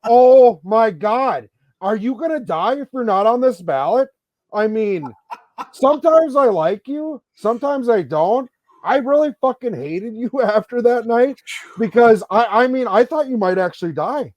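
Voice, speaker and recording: A man's voice: extremely high pitch, animated, a little slow, darkish tone, no echo. Profane ranting man on a podcast. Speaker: podcast co-host. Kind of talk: casual podcast chat.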